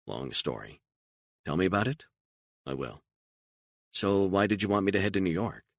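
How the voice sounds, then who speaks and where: A man doing a terse, low-voiced operative. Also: dry recording, clean studio sound, full character voice. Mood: calm. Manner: terse, calm, measured. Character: calm, guarded male operative, low-key.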